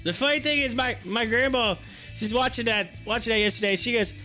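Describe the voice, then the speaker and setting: A man with an Ohio accent chats loosely on a live stream, rambling from point to point and laughing often. His voice is bright and forward, with faint music playing under it. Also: very high voice, a little fast. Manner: rambling, chatty, laughs often, drags out words. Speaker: stock market live stream host. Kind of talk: casual live-stream chat.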